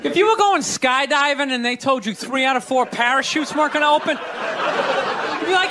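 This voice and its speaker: A man's voice: very high voice, expressive, normal speed, a crowd in the background, noisy background. A young man doing a stand-up comedy routine on a club stage, talking casually and profanely and throwing rhetorical questions at the audience. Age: young adult.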